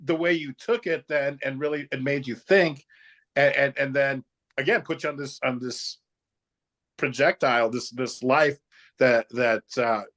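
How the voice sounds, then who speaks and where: A man co-hosting an interview in casual chat, halting and repeating words as he searches for how to phrase things. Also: medium pitch, steady tone, a bit bright. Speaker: co-host.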